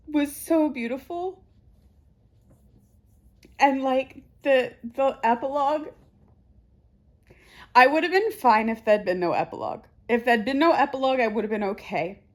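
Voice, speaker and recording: A teary, emotional woman book vlogger talking to camera, halting and repeating herself softly. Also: sits high. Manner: halting, repeats herself, soft trailing phrases. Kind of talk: casual chat to camera.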